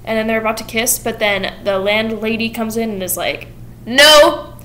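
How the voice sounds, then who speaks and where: A young woman vlogger retelling a plot in casual chat, with quick quoted asides and giggles. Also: fairly high pitch, level tone, fairly bright tone, poor audio. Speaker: vlogger summarizing a musical.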